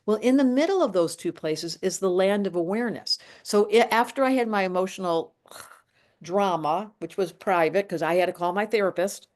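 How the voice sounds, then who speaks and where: A woman's voice: medium pitch, normal speed. Emphatic, rambling woman in her late sixties. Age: 60s. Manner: animated, emphatic, rambling with restarts. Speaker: astrologer. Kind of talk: casual chat.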